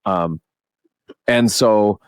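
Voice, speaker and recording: A middle-aged man, a podcast host, telling a long convention story in casual chat, animated and swearing often. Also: on the low side, very slow, clear, resonant tone, dry recording, clean studio sound.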